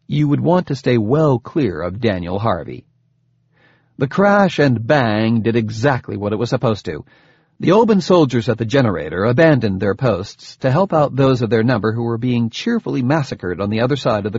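Husky male audiobook narrator, lively delivery. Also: mid-range voice, no room sound. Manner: expressive storytelling, dry humor. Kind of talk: scripted narration. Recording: dull lo-fi, dry close recording.

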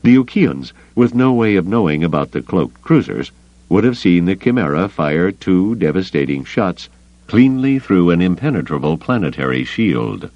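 A man narrating an audiobook in a steady, even storytelling manner. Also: sits low, moderate pace, no echo, muffled recording. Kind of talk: scripted narration.

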